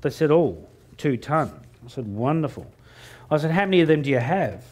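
A middle-aged man giving a humorous keynote on stage before a live audience, joking and mocking himself with quick asides. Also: fairly high pitch, expressive, darkish tone. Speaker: motivational speaker.

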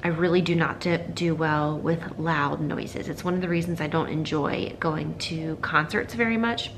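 A woman in her thirties chats casually to the camera for her vlog, in a fairly low voice. At times she talks hushed and soft while her baby naps. Steady background noise sits under the recording. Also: normal speed. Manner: chatty, upbeat and animated on the go. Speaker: vlogger, mother. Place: car, with a baby in the back seat. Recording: noisy background.

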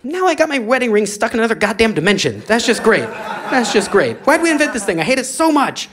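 A man's voice: extremely high pitch, big pitch swings, fast talker, crowd noise, voice pushed up. A man doing an exasperated scientist. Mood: frustrated. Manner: frustrated, complaining.

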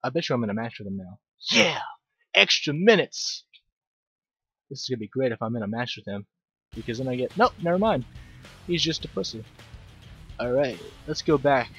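A man's voice: mid-range voice, big pitch swings, moderate pace, long pauses, a bit bright, husky, dry recording, soft background music. A young man giving casual, rambling video game commentary, mocking himself and swearing easily. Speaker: let's play commentator.

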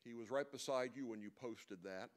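A man preaching at a church men's breakfast. His voice sits at an ordinary middle pitch. He retells the story in a relaxed, conversational way and drops in casual asides. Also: moderate pace. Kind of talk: sermon.

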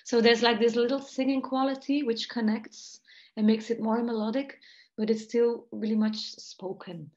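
A woman's voice: on the high side, steady tone, normal speed, a little mellow, muffled recording. A Belgian woman who teaches jazz voice, speaking English in an online interview and analyzing singing technique in a thoughtful, careful way. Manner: thoughtful, analytical, light laughs between points. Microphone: video call.

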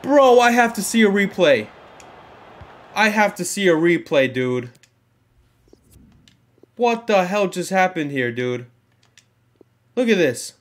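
A young man commenting live on his own football video game match, excitable, with frustrated outbursts and shouts at big moments. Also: high voice, takes it slowly, pauses often. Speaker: gaming YouTuber.

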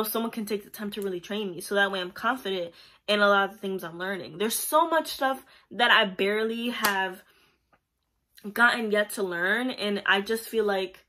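Bright-voiced chatty young woman. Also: medium pitch. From Puerto Rico. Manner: chatty, rambling, heavy on fillers. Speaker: pharmacy technician. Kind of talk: casual vlog storytelling.

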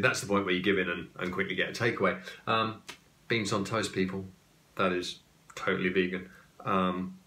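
A man's voice: lowish voice, pushed and bright. A man from England with an English accent, hosting a casual explainer podcast and breaking off into joking asides. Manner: chatty, joking asides and digressions. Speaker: podcast host. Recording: echoey room.

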